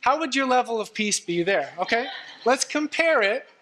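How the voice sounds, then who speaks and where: A man's voice: very high voice, expressive, normal speed, fairly bright tone. Earnest, conversational male preacher. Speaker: guest preacher. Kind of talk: sermon. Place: church.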